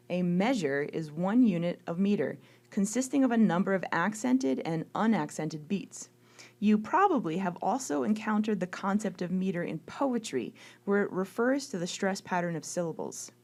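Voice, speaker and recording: Woman calmly narrating a music lecture. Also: lowish voice. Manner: clear, measured explanation, counting beats aloud.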